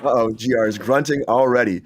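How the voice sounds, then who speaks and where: A man hosts a casual entertainment news chat, talking in a chatty, enthusiastic way full of fillers and asides. His voice is medium pitched and husky, and he speaks fairly quickly.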